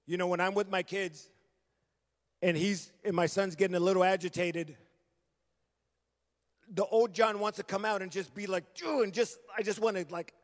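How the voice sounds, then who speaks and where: A middle-aged man preaching a sermon as a guest, telling his story earnestly and acting out remembered conversations. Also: high voice. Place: church sanctuary. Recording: long reverb of a large hall.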